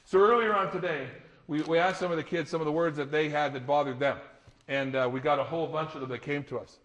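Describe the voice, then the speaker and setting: A middle-aged man speaks to an audience as a motivational speaker, his voice sitting a little high. He tells stories with animation and laughs along with them. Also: steady tone, quick pace, fairly bright tone, muffled recording. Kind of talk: live talk to an audience.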